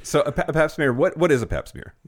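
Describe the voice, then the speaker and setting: A man's voice: fairly high pitch, sing-song, fast. A man co-hosting a casual podcast, joking and swearing a lot, often restarting his sentences. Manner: profane, joking, lots of restarts. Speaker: podcast co-host.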